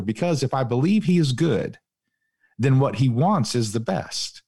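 A man co-hosting a casual faith podcast, animated and acting out little dialogues with God. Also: medium pitch, normal speed, no room sound, studio quality. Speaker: podcast co-host.

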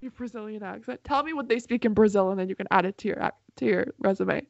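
A woman's voice: mid-range voice, quick pace, vocal fry, dry recording, lo-fi sound. A young woman chatting casually with a friend, playful and teasing, laughing often. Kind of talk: casual chat.

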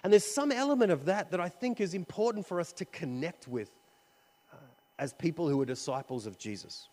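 A man delivers a sermon in a loose, storytelling way, full of fillers and restarts. His voice sits a little on the high side. The recording carries a long reverb, as in a large hall. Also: expressive, brisk, warm tone. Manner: conversational, with frequent fillers and restarts. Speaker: preacher.

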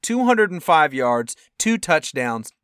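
A young man co-hosting a football podcast in casual chat, animated and acting out quotes with sudden loud outbursts. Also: a little high, slow pace, clean tone, no room sound, clean studio sound. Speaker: podcast co-host.

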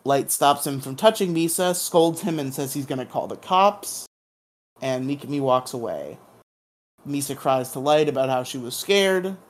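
Chill podcast host running through an episode recap, goofy sound effects, middle-pitched voice. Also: lively intonation, moderate pace. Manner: playful, hums dramatic sound effects and laughs.

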